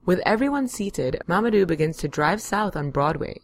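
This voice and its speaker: A woman's voice: fairly low pitch, expressive, moderate pace. A woman reading scripted narration in a dry, matter-of-fact way.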